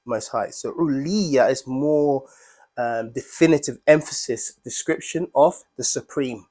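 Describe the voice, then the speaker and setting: A man's voice: mid-range voice, a little slow, darkish tone. Man explaining Arabic terms to a class. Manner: explains Arabic words, checking in with "yeah?". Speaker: teacher.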